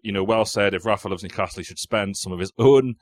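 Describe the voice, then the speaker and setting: Quizmaster, male, deep-ish, sweary banter, dead dry studio sound. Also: fast talker, no room sound. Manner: banter, swearing, reading quotes aloud. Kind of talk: casual podcast quiz. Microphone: studio mic.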